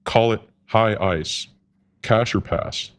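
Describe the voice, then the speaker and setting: A man's voice: lowish voice, slow pace. A man co-hosting a casual podcast, often laughing and hesitant, pulling the talk back to topic. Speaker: podcast co-host.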